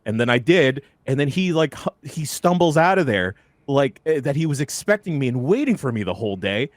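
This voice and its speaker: A man's voice: on the high side, lively intonation, a little fast, no echo. A man hosting a podcast, telling a story in a casual, laughing way into a studio microphone. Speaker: podcast host. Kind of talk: casual chat.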